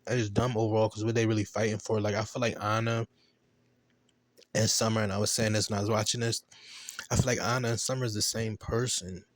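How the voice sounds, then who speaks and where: Man, low voice, AAVE, casual profane show-review rant, laughs easily. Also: flat delivery, a little fast, dry recording. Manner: loose, chatty, profane storytelling with laughs.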